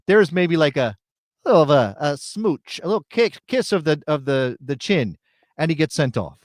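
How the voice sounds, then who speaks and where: Measured sports talk co-host, dry sound. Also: male voice, a little high, expressive, no room sound. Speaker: podcast co-host. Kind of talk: sports talk show discussion.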